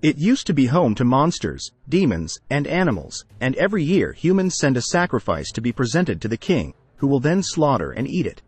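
Husky man narrating an anime recap. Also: mid-range voice, moderate pace, few pauses, dry recording. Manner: steady plot retelling. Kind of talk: scripted story narration. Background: faint music.

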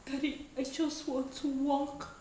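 A woman's voice: sits high, level tone, unhurried, echoey room, a little hiss or hum. An actress playing a young woman who cannot walk, pleading and tearful in a film drama. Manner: pleading, then sobbing and shouting.

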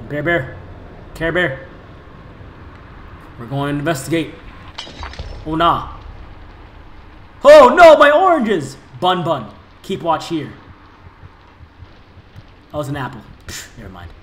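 A young man doing playful, goofy let's play commentary, jumping between loud shouts and mutters. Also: fairly high pitch, slow pace, pauses often, roomy sound, a little hiss or hum, poor audio. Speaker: gaming YouTuber.

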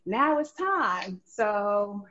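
A woman's voice: medium pitch, very animated, drawn-out words, a bit bright. A woman co-hosting a podcast in casual, slangy chat, teasing her co-host and laughing often. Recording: dull lo-fi audio.

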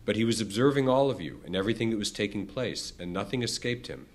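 A man with a fairly low voice reads a book passage aloud at a measured pace. He lifts his pitch for the quoted questions and lets it drop for the narration. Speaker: reader.

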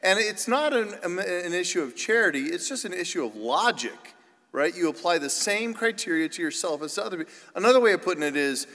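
Priest, man, higher voice, humorous sermon storyteller, reverberant church. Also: animated, brisk, sharp tone. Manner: chatty and self-deprecating, with many restarts. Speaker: priest giving a parish mission talk.

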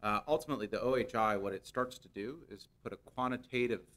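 A man's voice: on the low side, fast, fairly bright tone. A man speaking as a company executive to the board, earnest, with repeated words and hesitant fillers. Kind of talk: formal business remarks.

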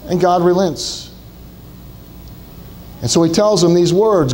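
A man's voice: sits high, slow, long pauses, dark tone, a little hiss or hum, low-quality recording. A male pastor preaching a sermon, retelling a scripture story dramatically in first person with many repeated words. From Southwestern Ohio.

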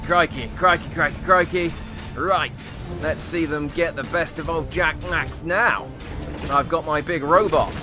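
A man's voice: a little high, natural voice. A man putting on a hammy Australian accent to play a brash outback survival-guide bloke, full of slang, during gaming commentary. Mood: boisterous. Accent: put-on Australian. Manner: hammy, slang-heavy, exclaiming "crikey".

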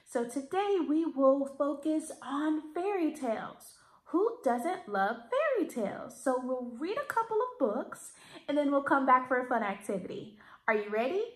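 A woman librarian leading a children's storytime, reading a fairy tale aloud in a bright, sing-song way. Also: sits high, sing-song, unhurried, echoey room.

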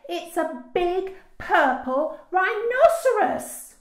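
A woman voicing an excited little girl who calls out urgently to be heard, in a storybook reading. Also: moderate pace, close to an everyday voice. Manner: high, urgent calling out. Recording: roomy echo.

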